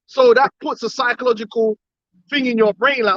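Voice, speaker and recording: A man gives an impassioned, emphatic lecture and keeps pressing his listeners with rhetorical questions. His voice sits very high for a man. The recording is dry and dull, with little room sound. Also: fairly even intonation, normal speed, a bit bright, no room sound.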